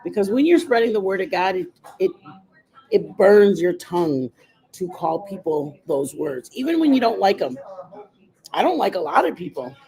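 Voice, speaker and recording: A woman's voice: medium pitch, very animated, normal speed, dark tone, rough recording. A woman hosting a casual makeup livestream, chatting in a rambling, opinionated way. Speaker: livestream host.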